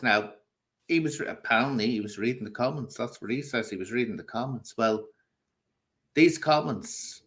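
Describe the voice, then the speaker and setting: A man's voice: fairly low pitch, a bit bright. A man hosting a casual livestream, bluntly scolding and answering viewers' comments. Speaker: livestream host.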